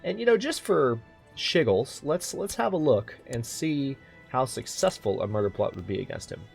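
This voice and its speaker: A man's voice: mid-range voice, big pitch swings, moderate pace, creaky, faint music behind. A man hosting a let's play, chatting casually and thinking aloud as he plays. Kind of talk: casual gaming commentary.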